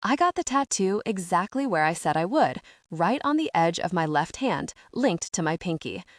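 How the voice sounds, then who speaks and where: A woman narrating a romance audiobook in a steady, even reading voice. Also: lowish voice, normal speed, no room sound, studio quality. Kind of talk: scripted narration.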